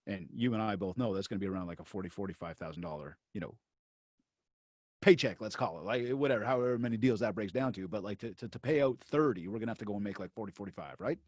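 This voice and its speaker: A man's voice: lowish voice, fast, dry recording, studio quality. A man giving a seminar talk to real estate agents. He tells a story in a chatty way, with many fillers and restarts, and he speaks straight to the audience. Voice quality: animated storyteller who acts out both sides of conversations. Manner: addresses the audience directly.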